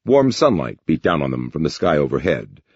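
Low husky guy reading a story, lively, dry and kinda lo-fi. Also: brisk, no room sound. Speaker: narrator. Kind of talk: audiobook narration.

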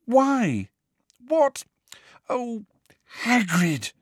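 Man putting on a shrill frightened young witch. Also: big pitch swings, very slow, breathy edge, no echo, clean studio sound, exaggerated voice. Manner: shrill, breathless.

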